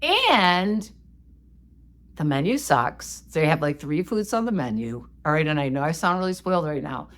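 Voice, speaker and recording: A woman co-hosting a podcast, telling a story in a casual, animated, self-mocking way. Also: deep voice, moderate pace. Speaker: podcast co-host.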